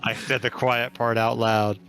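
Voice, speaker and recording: A man playing a tabletop game, chatting casually, joking and thinking out loud. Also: medium pitch, level tone, measured pace. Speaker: player.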